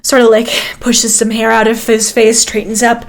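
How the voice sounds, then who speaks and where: A woman's voice: fairly high pitch, completely flat delivery, moderate pace. A woman narrating a tabletop game as game master in a casual, filler-heavy way.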